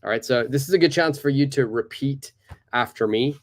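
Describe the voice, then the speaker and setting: Man, English teacher running a live online class from his computer, upbeat and encouraging, drills phrases slowly. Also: mid-range voice.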